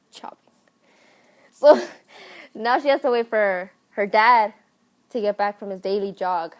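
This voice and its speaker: A woman telling a comic story in a casual, deadpan way full of slang. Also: medium pitch, measured pace, clear, resonant tone. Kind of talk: comedic storytelling.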